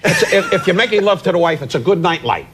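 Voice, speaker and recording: A man's voice: high voice, lively intonation. A man, a guest on a talk show telling comic stories, teasing and restarting his words as he goes. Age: 80s. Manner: quick-witted insult comic, stammering restarts, teasing. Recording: TV studio with audience noise.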